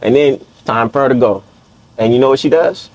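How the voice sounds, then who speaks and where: A man from Las Vegas hosting a podcast, telling stories in a blunt, slangy, animated way over a close mic. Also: medium pitch, brisk, lo-fi sound. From Las Vegas, USA. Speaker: podcast host. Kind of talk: casual interview chat.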